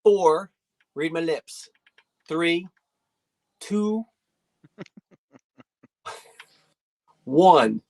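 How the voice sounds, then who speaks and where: A woman's voice: on the low side, animated, drawn-out words, pauses often, a little mellow. A folksy woman hosts a live antiques sale from her decorated living room. She chats easily, trails off mid-sentence and circles back while showing each item. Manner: chatty, folksy, trails off and restarts while describing items. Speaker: online antiques auction host. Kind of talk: live sale stream presenting.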